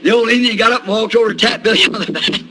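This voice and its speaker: A high-pitched older man preaching in a folksy storytelling way. His voice is sharp and cutting, and he chuckles between lines. There is a faint hiss under him. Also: rapid-fire, rough recording. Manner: folksy, chuckling anecdote telling. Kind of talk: sermon storytelling.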